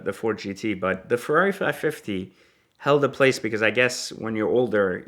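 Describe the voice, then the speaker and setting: A man's voice: lowish voice, a bit bright. A man who deals exotic cars, telling a story in a casual, chatty way and filling it with "like.". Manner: chatty, heavy use of "like" fillers. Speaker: exotic car dealer.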